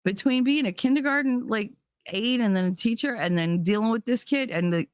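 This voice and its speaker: Middle-aged New Jersey woman, podcast host; candid, animated, profane, dry close mic. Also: a little high, brisk, dry recording. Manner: blunt, swears freely, animated. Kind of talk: casual candid talk.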